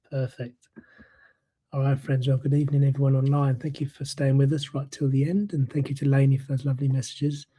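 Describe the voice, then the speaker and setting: Husky, level-voiced male service host. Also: medium pitch, warm tone. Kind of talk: hosting an online church service.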